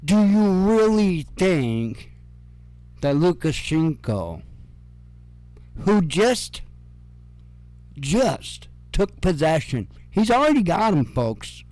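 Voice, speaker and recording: A man's voice: on the high side, darkish tone, no room sound. A man hosting casual news commentary, sarcastic and profane, with chuckling asides.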